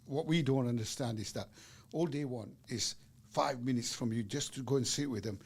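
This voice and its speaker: A man's voice: mid-range voice, normal speed, slightly rough. A man co-hosting a casual radio chat who agrees readily and chimes in with short affirmations.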